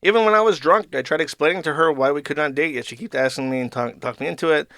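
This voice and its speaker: A man's voice: a little high, fast talker, sharp tone. A man hosting a live stream, reading out messages and cutting in with crude, sarcastic asides. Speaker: streamer host.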